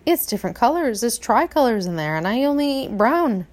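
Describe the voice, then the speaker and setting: A woman's voice: a little high, very animated, fairly quick, a little mellow, pitched above the performer's own voice. A woman voicing a picky, swearing house cat. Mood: indignant. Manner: indignant, swearing. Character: fussy spoiled pet cat, male, picky eater.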